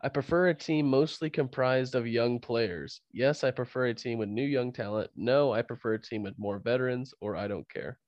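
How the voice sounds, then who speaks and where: A man's voice: mid-range voice, normal speed, hardly any pauses, darkish tone, no room sound, lo-fi sound. Laughing man hosting a dry-sounding podcast. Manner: laughs often, rambling with restarts. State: fighting a cold. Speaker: podcast host. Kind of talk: casual sports podcast chat.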